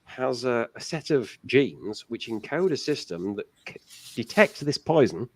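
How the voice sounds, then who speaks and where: A man's voice: mid-range voice, sing-song, a little slow. A man as a guest on a casual talk show, giving long explanations with many restarts.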